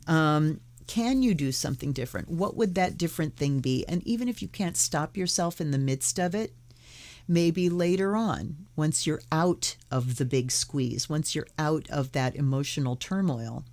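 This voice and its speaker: Middle-aged woman, low voice, gentle, conversational teaching talk, playful asides. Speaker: tarot and Buddhism video host. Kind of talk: casual spiritual teaching talk.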